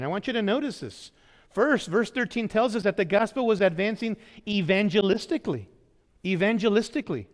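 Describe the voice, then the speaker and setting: A pastor delivers a sermon in a high, light voice and keeps turning to the congregation with rhetorical questions. His words ring out with a long reverb, as in a church hall.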